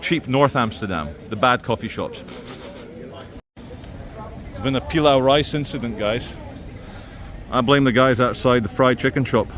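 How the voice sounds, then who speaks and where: A man's voice: medium pitch, measured pace, pauses often, fairly bright tone. A man, narrating a walking street vlog in a wry, sardonic tone. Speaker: street vlogger. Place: outdoors on city streets.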